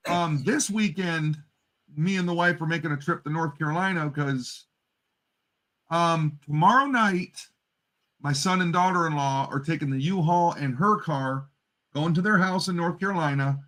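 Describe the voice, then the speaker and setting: A man in his fifties, a grandfather, telling stories in a casual livestream chat with quick laughs. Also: on the high side. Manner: animated storyteller, quick laughs. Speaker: co-host.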